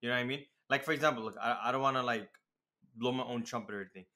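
A man guesting on a podcast, making his points in a measured, reasonable way. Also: mid-range voice, bright, forceful tone. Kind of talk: casual podcast chat.

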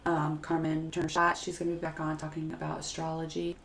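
A woman's voice: low voice, fairly quick. A woman hosting a podcast, chatting casually, telling stories freely with swearing and frequent laughter. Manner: lively storyteller, swears freely, laughs often. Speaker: podcast host. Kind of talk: casual chat. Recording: echoey room with faint noise.

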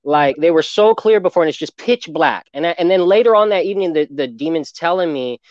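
A man hosting a casual interview, talking in a relaxed, affirming way and telling his own story. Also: on the high side, fairly quick, no room sound, dull audio. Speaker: host.

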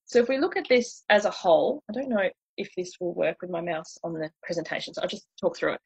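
Husky-voiced woman coaching. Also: lowish voice, fast, darkish tone, lo-fi sound. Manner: chatty and relatable, acts out inner voices. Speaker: weight loss coach. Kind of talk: slide presentation talk.

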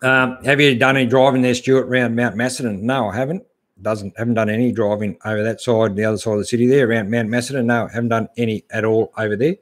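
A man's voice: medium pitch, steady tone, fast talker. Laid-back Australian man answering chat. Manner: laid-back, chatty, calls everyone mate. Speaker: host answering live chat. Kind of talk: casual live-stream chat.

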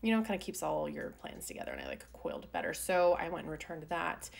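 Chatty woman with a gravelly voice. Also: deep voice, wildly swooping pitch, fast. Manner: chatty and rambling, many fillers. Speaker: planner vlogger. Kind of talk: casual voiceover chat. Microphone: desk mic voiceover.

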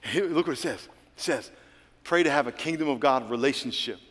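A male pastor preaching a sermon, swinging between loud, lively exhortation and hushed prayer. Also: medium pitch, a little fast. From United States. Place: large church hall. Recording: long hall reverb.

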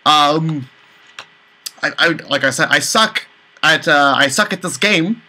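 A man commentating a let's play, exasperated, with high panicked outbursts and swearing. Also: animated, takes it slowly, pushed and bright, low-quality recording. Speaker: gaming channel host.

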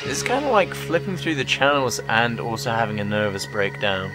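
Gaming host, jokey and excitable, very lively pitch, game music behind. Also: male voice, normal speed, poor audio. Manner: jokey, excitable, sing-song exclamations. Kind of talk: let's-play commentary.

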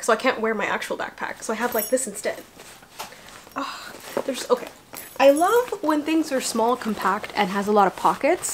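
A woman's voice: medium pitch, a little hiss or hum. A young woman chatting casually to her viewers as she unpacks a parcel, bubbly and talkative. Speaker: vlogger. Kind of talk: casual unboxing vlog.

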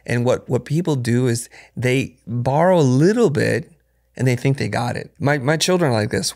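A middle-aged man answering podcast questions as a guest, telling stories and acting out quotes with sudden jumps in pitch. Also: gravelly. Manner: storytelling, acts out quotes with lively jumps in pitch. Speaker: podcast guest, design educator. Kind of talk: conversational interview answers.

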